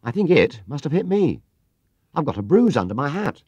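A man's voice: mid-range voice, big pitch swings, brisk, husky, no echo, highs cut off. A man voicing a small, polite young male bear who speaks mildly and a little vaguely. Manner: polite and mild.

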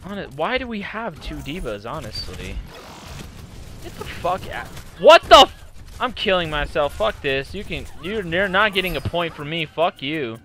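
A man's voice: on the high side, big pitch swings, bright, forceful tone. A young man giving gameplay commentary, cursing constantly and breaking into angry, frustrated outbursts. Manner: profane, quick to rage, frustrated outbursts. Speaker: gaming channel host.

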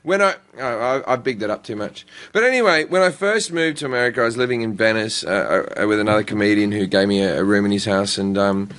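A talk show host, telling loose, profane stories in casual chat. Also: male voice, fairly low pitch, quick pace, hardly any pauses. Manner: loose, profane, animated storytelling.

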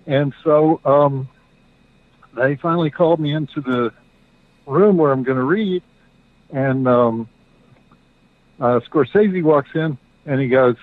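A middle-aged man telling a story as a guest, halting, with many fillers and restarts. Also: fairly high pitch, no echo. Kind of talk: casual storytelling. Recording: dry tinny phone-like line.

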